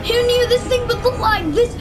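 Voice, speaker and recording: A woman giving excited live gameplay commentary, screaming at the big moments. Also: very high voice, normal speed. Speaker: gamer. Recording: loud game music behind voice.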